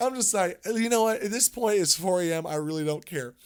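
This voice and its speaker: A man co-hosting a podcast, telling a story in a casual, animated way, with frequent restarts and repeated words. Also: high-pitched, fairly quick, clear, resonant tone. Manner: animated, rambling with many restarts. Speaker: podcast co-host.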